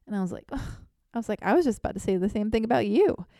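A woman telling a funny personal story in an animated, self-deprecating, theatrical way. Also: medium pitch, racing, no room sound, clean studio sound. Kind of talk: comedic storytelling monologue.

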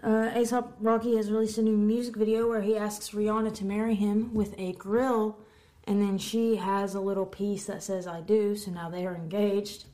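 A woman co-hosting a podcast, reading music news headlines in a casual chat with quick asides and the odd stumble over words. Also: mid-range voice, little pitch movement, warm tone. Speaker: podcast co-host.

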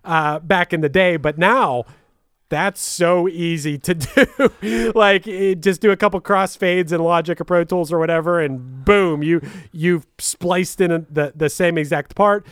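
A man's voice: fairly high pitch, unhurried, fairly bright tone, clear, resonant tone, no echo, clean studio sound. A man co-hosting a podcast, chatting eagerly about music and laughing often. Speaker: podcast co-host. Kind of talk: casual podcast chat.

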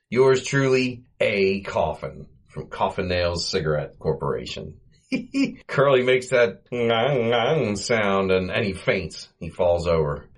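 A man hosting a podcast, casually retelling an old comedy short, chuckling often and giving quoted lines a quick comic voice. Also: fairly low pitch. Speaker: podcast host.

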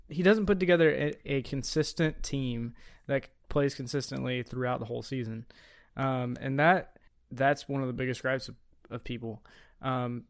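A man hosts a casual sports podcast with a smooth, resonant voice. He talks in quick bursts, full of fillers and restarts, over a dry, close mic. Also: medium pitch, dry recording. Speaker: podcast host.

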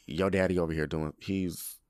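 A man voicing a gentle, laid-back grown uncle who coaxes softly in slang. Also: steady tone, normal speed, smooth, no room sound, clean studio sound, lightly acted. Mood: soothing. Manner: soft, low, slangy and coaxing.

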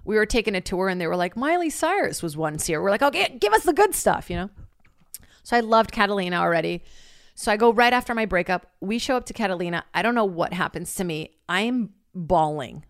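A woman's voice: medium pitch, expressive, fast talker, no room sound, clean studio sound. A young woman telling stories in casual chat, rambling with lots of "like" and laughing often.

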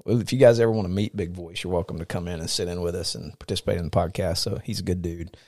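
A man's voice: low voice, fairly even intonation, quick pace, darkish tone, no echo, clean studio sound. A man co-hosting a faith podcast, talking casually and earnestly, often restarting as he thinks. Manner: earnest, repeats words as he thinks. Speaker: podcast co-host. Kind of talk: casual chat about faith.

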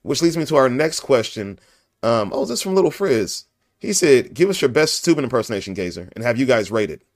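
A man's voice: mid-range voice, big pitch swings, a little fast, no echo. Young adult man, podcast host, casual chat, goofy and joking, dry recording.

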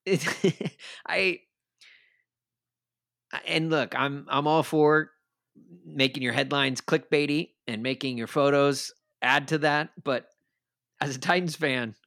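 A man's voice: mid-range voice, fairly even intonation, unhurried, gravelly, fairly bright tone, dry recording, studio quality. A man co-hosting a casual sports podcast, rambling and laughing as he talks. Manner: rambling, self-deprecating, laughs often. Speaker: podcast co-host.

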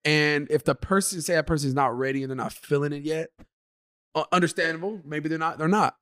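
Young male co-host, slightly higher voice, casual bro chat, swears a lot. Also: brisk, a bit bright. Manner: loose, laughing, swears freely, says "bro" a lot. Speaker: podcast co-host.

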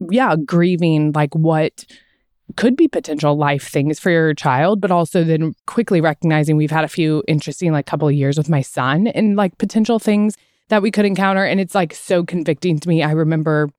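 A woman co-host with a somewhat low voice talks in a heartfelt, meandering way. She leans often on filler words as she works through her thoughts. The sound is close and dry. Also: moderate pace, a little mellow, no room sound. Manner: heartfelt, rambling with frequent "like". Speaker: podcast co-host. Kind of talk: conversational interview.

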